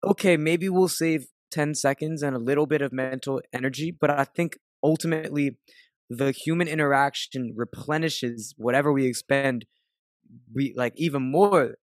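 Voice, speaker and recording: A relaxed man chatting as a guest on a podcast, his voice in the middle of the usual range for a man. He tells stories loosely, swears freely and acts out bits of dialogue. The sound is dry and close, with no room echo. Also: mid-range voice, moderate pace. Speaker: music producer and artist, podcast guest. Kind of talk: casual conversational storytelling.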